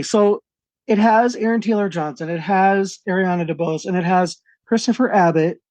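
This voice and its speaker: A man's voice: high voice, a little mellow, no echo. A man co-hosting a film review podcast, chatting in a dismissive, sarcastic and jokey way. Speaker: podcast co-host, film critic. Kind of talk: casual chat.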